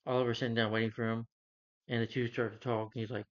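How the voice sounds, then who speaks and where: He's a video creator going over a TV season, speaking fast in a flat, mid-range voice. The recap wanders, with scenes retold through lots of filler such as "you know" and "he's like." Sound quality is lo-fi and somewhat dull.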